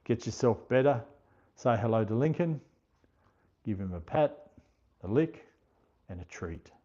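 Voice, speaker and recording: A man's voice: medium pitch, lively intonation, dark tone. An Australian man hosting a casual livestream, chatting unhurriedly, reading out viewer comments and thanking each viewer by name. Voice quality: unhurried, slower speaking. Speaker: livestream host. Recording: dull lo-fi stream audio.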